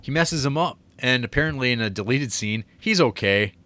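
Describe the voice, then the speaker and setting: A man's voice: mid-range voice, a little fast, bright, forceful tone, dry recording. A man co-hosting a podcast, chatting casually about a movie and rambling with lots of fillers. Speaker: podcast co-host.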